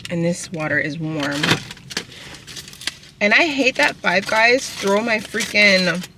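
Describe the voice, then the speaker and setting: A young woman rambles in a loose, chatty vlog while eating in her car. Her voice is bright and forward, with faint vehicle hum behind her. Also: medium pitch. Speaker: vlogger. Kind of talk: casual rambling chat. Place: inside a parked car.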